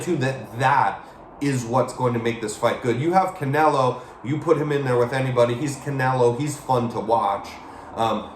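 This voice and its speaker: A man hosting a casual boxing chat, rambling and getting emotional and excited as he talks. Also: medium pitch, roomy sound, a little hiss or hum. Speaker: boxing watch-along host. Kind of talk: casual live fight chat.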